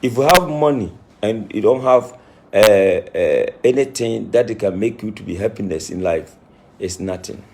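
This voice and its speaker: A man speaking as a self-styled spiritualist delivers an impassioned monologue to camera in a lowish, gravelly, slightly mellow voice at normal speed. He scolds emphatically and repetitively, saying he is crying.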